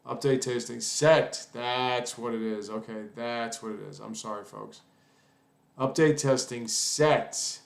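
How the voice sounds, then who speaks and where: A man's voice: medium pitch, fairly even intonation, slow pace, creaky. Rambling, self-mocking man in an echoey room. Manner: rambling, self-deprecating, apologetic, swears at his own mistakes. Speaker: coding tutorial instructor. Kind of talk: casual screen-recorded coding lesson.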